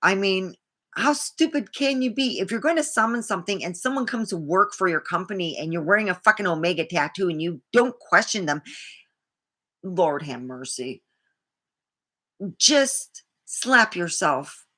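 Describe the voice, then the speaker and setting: A woman's voice: on the low side, animated, normal speed, fairly bright tone. A woman vlogger talking in a rambling, indignant way, swearing freely as she tells a personal story. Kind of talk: casual monologue to camera.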